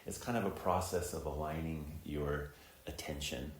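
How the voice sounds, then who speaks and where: A middle-aged man giving a dharma talk as Zen teacher and preceptor, reflective and unhurried, with many ums and uhs. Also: extremely low pitch, fairly even intonation. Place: temple hall. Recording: echoey temple hall, faint ambience.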